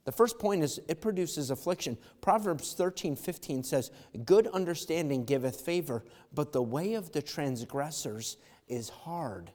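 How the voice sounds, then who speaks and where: Man, pastor preaching, fervent, loud calls and low asides, high voice, echoing church hall. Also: lively intonation, unhurried. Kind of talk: sermon.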